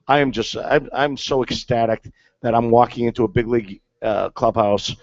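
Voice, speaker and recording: A man's voice: medium pitch, normal speed, no room sound. A man, a former catcher, telling a story in casual chat with lots of fillers and restarts. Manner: rambling, many fillers and restarts. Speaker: guest, former big-league catcher. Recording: dull, dry, lo-fi sound.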